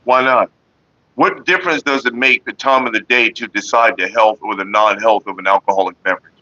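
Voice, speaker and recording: A man's voice: fairly low pitch, brisk, no echo. A man hosting a casual vlog from Northern California, answering viewers in a laid-back, rambling, profane way. The sound is a dull lo-fi recording. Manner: laid-back, profane, talks about staying calm.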